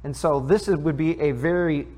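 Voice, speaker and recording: Pastor teaching scripture, conversational. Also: male voice, fairly high pitch, normal speed, a little mellow. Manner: conversational, asks the congregation questions; reads scripture aloud, then explains it. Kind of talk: sermon, Bible teaching.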